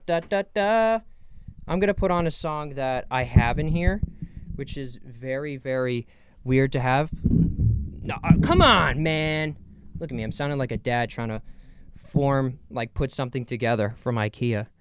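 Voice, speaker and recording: A man's voice: mid-range voice, clean tone, no echo. A young man hosting a podcast, rambling in a self-mocking, easily sidetracked way. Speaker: podcast host. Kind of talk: casual comedic monologue.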